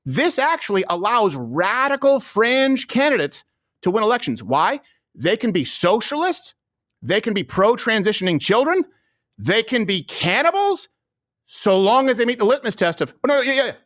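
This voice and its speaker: A man's voice: high voice, very animated, moderate pace, a bit bright, no echo, clean studio sound. A man hosting a political comedy talk show, emphatic and mocking. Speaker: host.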